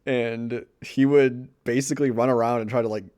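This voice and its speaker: A man co-hosting a podcast in casual chat, rambling through stories, laughing often and trailing off quietly. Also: medium pitch, fairly even intonation, normal speed, clear, resonant tone. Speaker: podcast co-host.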